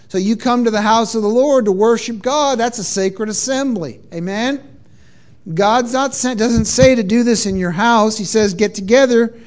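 A man's voice: sits high, darkish tone. A man preaching a sermon to a congregation in a church, emphatic, asking the crowd to repeat words and answer back. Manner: call-and-response with congregation, emphatic.

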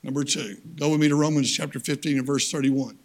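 Preaching as a guest, an older missionary shares personal stories in a homespun, plain-spoken sermon marked by emphatic turns. His medium-pitched voice stays steady in tone while moving fast.

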